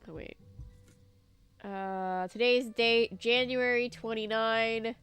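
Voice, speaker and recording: A woman's voice: on the high side, fairly even intonation, slow, a bit bright, clear, resonant tone. Woman as game host, casual commentary, coughing, faint music behind. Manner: chatty, self-deprecating, thinks aloud. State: coughing, allergies. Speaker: let's play host.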